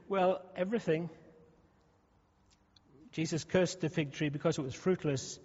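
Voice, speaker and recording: A man's voice: high-pitched, moderate pace, pauses often. A male pastor preaching a sermon in a conversational way, often restarting and repeating words. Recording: muffled sound with long hall reverb.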